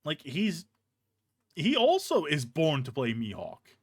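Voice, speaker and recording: A young male streamer rants in an unhurried, meandering way, swearing freely and restarting his sentences. His pitch swings widely and sits a little high. The sound is dry and close. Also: slightly rough, no echo. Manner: animated, profane, rambling with restarts. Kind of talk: casual ranting chat. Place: hot indoor room with a fan on.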